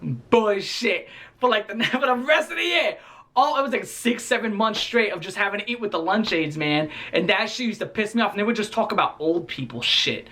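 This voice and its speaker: A man in his twenties who tells a story in a casual, animated and profane way, full of slang, as a vlogger. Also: sits high, a little fast. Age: 20s.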